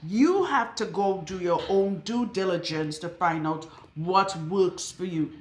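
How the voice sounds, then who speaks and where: A woman loctician talks to camera while working on a client in her salon room with a radiator. Her fairly low voice is measured, blunt, outspoken and emphatic, full of rhetorical questions, with slight background noise and a roomy echo.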